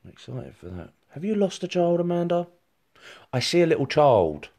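A man's voice: fairly high pitch, big pitch swings, normal speed, darkish tone. A man giving a rambling live-streamed psychic reading, talking straight to viewers with many fillers and restarts. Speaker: psychic medium.

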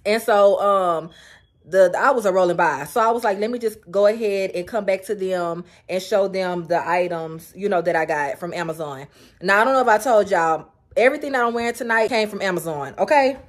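A woman's voice: medium pitch, fairly quick. Chatty woman vlogging at home. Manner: chatty and animated, keeps addressing viewers as y'all, girl and baby. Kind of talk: casual get-ready-with-me chat to camera.

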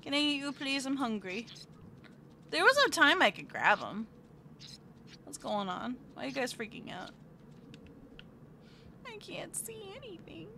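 A woman streams a game live, talking to her viewers in a playful, chatty way. Her high voice swings widely as she goes. Her tone is very bright, with faint room noise behind her. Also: sing-song, moderate pace, pauses often. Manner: playful, chatty, reads chat aloud; squeals and fake-whines at the game.

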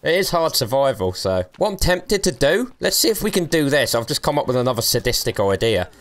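A man's voice: mid-range voice, sing-song, fairly quick. A young man giving let's play commentary, cheeky and taunting, laughing often. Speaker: gaming streamer.

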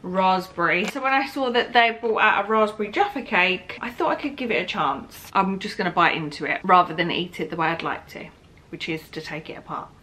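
A young woman with a bright, forceful voice talks through a snack taste test. She is tired and heavily pregnant, chatty and candid, and often speaks between bites. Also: mid-range voice, brisk, a little hiss or hum. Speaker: vlogger. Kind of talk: casual taste-test vlog.

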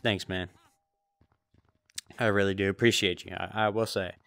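A man playing VR tag live with viewers, talking over a headset mic and shouting and laughing as he plays. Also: fairly low pitch, steady tone, moderate pace, creaky, no echo. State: out of breath. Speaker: gaming YouTuber. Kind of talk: live VR gameplay commentary.

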